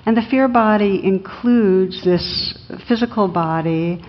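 A woman's voice: medium pitch, slow pace, a little hiss or hum. A woman meditation teacher giving a class talk, reflective, with light humor and small hesitations. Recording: lo-fi recording in a reverberant hall.

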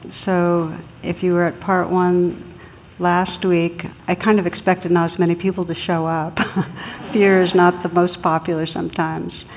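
A woman's voice: fairly low pitch, level tone, unhurried, a little hiss or hum. A woman meditation teacher giving a class talk, reflective, with light humor and small hesitations. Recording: lo-fi recording in a reverberant hall.

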